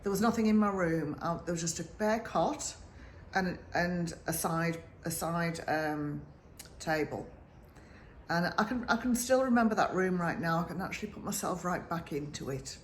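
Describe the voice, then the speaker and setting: Northern English woman in her fifties, earnest and emotional personal story, lowish voice, roomy echo with faint background hum. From north of England. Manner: earnest, emotional, halting with restarts. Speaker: sleep consultant.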